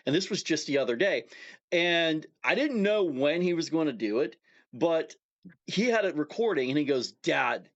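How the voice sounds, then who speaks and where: A middle-aged man hosting a podcast, telling a relaxed, easygoing story in casual conversation. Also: a little high, dull audio. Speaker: podcast host.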